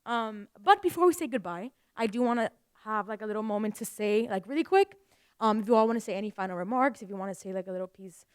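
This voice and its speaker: A woman's voice: mid-range voice, animated, quick pace, clear, resonant tone, dry recording, studio quality. A young woman moderating a student panel, emotional and apologetic, with many hesitant fillers.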